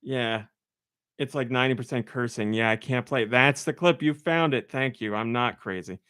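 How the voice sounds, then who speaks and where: A man's voice: medium pitch, normal speed, fairly bright tone, clean tone, no echo, clean studio sound. Chatty, laughing podcast host man. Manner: rambling, laughs often. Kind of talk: casual chat.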